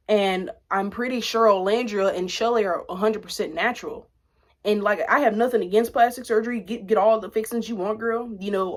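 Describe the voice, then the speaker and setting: Young woman, vlogger, casual rant, blunt and profane, animated swings from loud to low, mid-pitched voice. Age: 20s. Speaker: vlogger commenting on reality TV.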